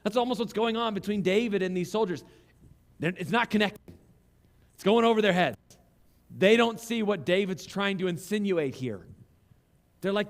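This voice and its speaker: A man preaching a sermon in a church, reading scripture slowly and acting out the voices of the people in the story with growing energy. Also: sits high. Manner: animated preaching, acts out quoted voices, reads scripture slowly. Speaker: pastor. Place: church sanctuary.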